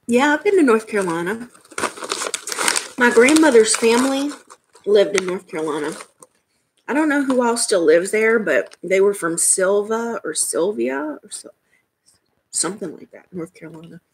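A woman's voice: mid-range voice, animated, moderate pace, long pauses, a little hiss or hum, rough recording. A woman with a Southern US accent chatting casually with her live-stream chat at home, laughing often. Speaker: vlogger reading live chat. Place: home room.

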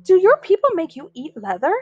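A woman voicing a mean, sly schoolboy bully who yells and sneers. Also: high voice, very animated, a little fast, dry recording, highs cut off, voice pushed up. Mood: sneering. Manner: yelling, sneering, demanding.

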